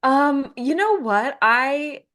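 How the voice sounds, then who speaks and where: A woman's voice: sits high, animated, very slow, a bit bright. A woman co-hosting a podcast in casual chat, teasing and sincere by turns. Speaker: podcast co-host and author.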